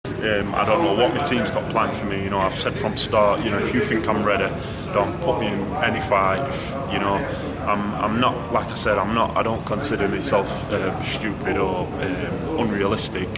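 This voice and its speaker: A man's voice: lowish voice, flat delivery, normal speed, over a noisy crowd. A young man answering interview questions in a frank, rambling way, full of fillers and restarts. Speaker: boxer being interviewed. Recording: loud background noise, passing vehicles.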